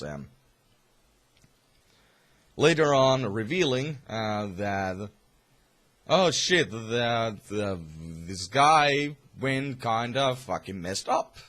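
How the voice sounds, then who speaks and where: A man's voice: on the low side, a bit bright. A young man casually reviewing a comic, rambling with many fillers and some swearing.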